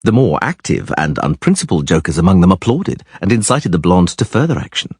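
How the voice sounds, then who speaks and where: A man reading a fantasy audiobook aloud in an expressive storytelling manner, close to the mic. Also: low-pitched, brisk, slightly rough, no room sound. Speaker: audiobook reader.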